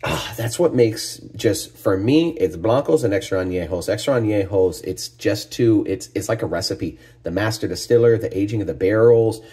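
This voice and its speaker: Male vlog host, low and raspy, excitable and chatty while reviewing spirits on camera. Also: moderate pace, few pauses. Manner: enthusiastic, exclaiming over aromas with frequent sighs and "oh my gosh". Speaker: tequila reviewer, channel host. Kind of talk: casual spirits tasting review.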